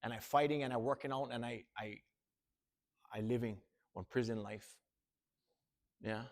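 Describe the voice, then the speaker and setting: A man's voice: mid-range voice, normal speed. Earnest man. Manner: earnest, plain-spoken, repeats "bro". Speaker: motivational speaker. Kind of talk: storytelling talk to students. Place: school.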